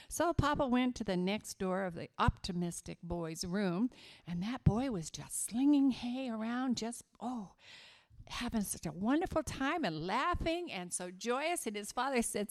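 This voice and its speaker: A woman from West Virginia giving a children's sermon at church, telling a story slowly and emphatically to the kids. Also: on the high side, lively intonation, creaky, darkish tone.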